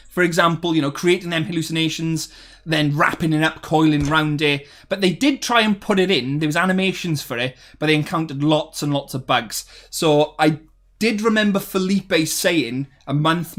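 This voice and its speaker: A man hosting a live stream, reading the chat aloud and answering it. His voice sits a little high for a man, and he talks in a loose, friendly ramble full of fillers and restarts. The sound is close and clear from a desk microphone. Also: fairly bright tone. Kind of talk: casual livestream chat.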